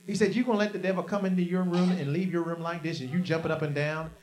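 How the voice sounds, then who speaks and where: A male preacher with a notably high voice delivers a storytelling sermon. He drops to low, quiet phrases and then bursts into loud, shouted lines. He leads the congregation to repeat his words back. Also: steady tone, fast talker. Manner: call-and-response with the congregation.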